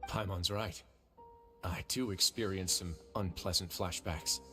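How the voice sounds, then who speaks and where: A man's voice: deep voice, fairly even intonation, measured pace, fairly bright tone. An actor playing a composed, dryly wry male warden in a game. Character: composed, dry-humored male warden duke. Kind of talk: studio game voice acting. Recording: game audio with faint music.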